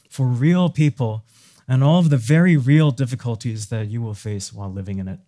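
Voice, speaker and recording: A man's voice: mid-range voice, normal speed, dark tone. A man preaching a sermon in an earnest way, now and then rising to fervent emphasis.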